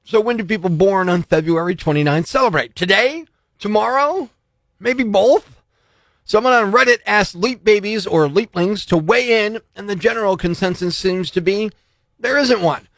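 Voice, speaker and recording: A man's voice: sits high, normal speed, no room sound, clean studio sound. A man hosting a morning radio show, telling stories, joking about the news and laughing often. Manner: animated storyteller, laughs often. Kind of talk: casual radio talk and news jokes. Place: radio studio. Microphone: studio microphone.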